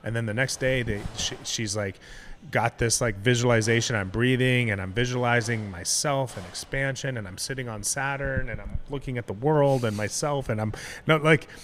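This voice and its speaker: A man's voice: mid-range voice, moderate pace, a bit bright, slight background noise. A man in casual podcast talk, candidly telling a personal story with frequent swearing and restarts. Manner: candid and profane, many restarts. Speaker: guest.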